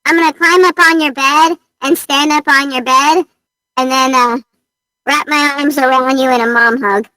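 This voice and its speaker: Woman player, high and bright, playful, dry mic. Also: steady tone, normal speed, no room sound. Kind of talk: tabletop role-play.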